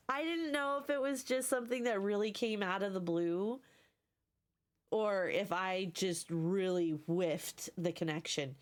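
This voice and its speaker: A woman streaming a game live. She is sleepy and excitable, swears freely and cheers her character on. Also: mid-range voice. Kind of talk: casual live gameplay commentary.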